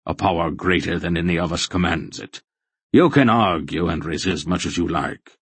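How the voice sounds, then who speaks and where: A man's voice: low voice, normal speed, slightly rough, no room sound. A man voicing a brusque, commanding old male sorcerer in an audiobook. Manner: firm, brusque. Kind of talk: audiobook character voice.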